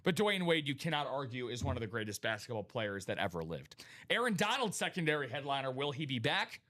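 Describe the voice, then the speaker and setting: A man hosting a live sports memorabilia stream, talking in an energetic hype style and greeting viewers by name. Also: mid-range voice, fairly quick. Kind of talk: casual live-stream chat.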